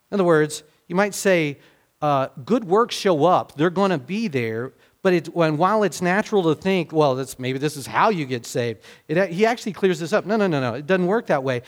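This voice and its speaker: A man preaching a sermon in a fairly high voice. He talks in a loose, conversational way, stopping to rephrase himself mid-thought. His volume moves between loud emphatic bursts and quiet asides. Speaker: pastor.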